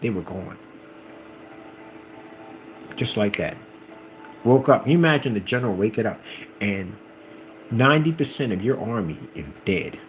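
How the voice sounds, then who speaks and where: A man's voice: fairly low pitch, expressive, normal speed, pauses often, a little hiss or hum, low-quality recording. A man giving an informal religious talk, emphatic and preachy, acting out the people in the stories he tells. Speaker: channel host.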